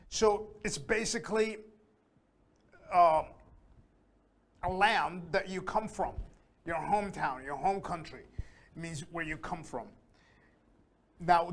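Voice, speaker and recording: A man with a high-sitting voice teaches a beginner English lesson. He speaks slowly and carefully, repeating words so learners can hear how they're pronounced.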